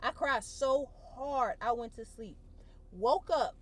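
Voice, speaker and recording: High-voiced woman telling a tearful story. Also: slow. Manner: expressive, colloquial, repeats phrases for emphasis. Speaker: vlogger. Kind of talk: emotional personal testimony.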